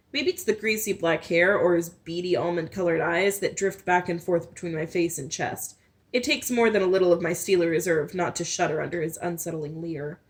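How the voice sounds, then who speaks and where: A woman reading a novel aloud in first person, with small slips and restarts. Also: on the low side. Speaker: storyteller.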